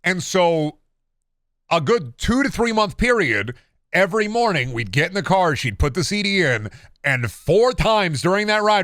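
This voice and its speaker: A man's voice: a little high, big pitch swings, normal speed, fairly bright tone, no room sound, clean studio sound. A man in his thirties chatting on a live stream, rambling and swearing with bursts of playful baby talk at home. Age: 30s. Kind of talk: casual live-stream chat.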